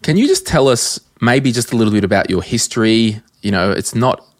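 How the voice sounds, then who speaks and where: A man's voice: mid-range voice, animated, brisk, no echo, clean studio sound. A man hosting a money podcast, upbeat and teasing as he chats with his guest. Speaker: podcast host. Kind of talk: casual interview chat.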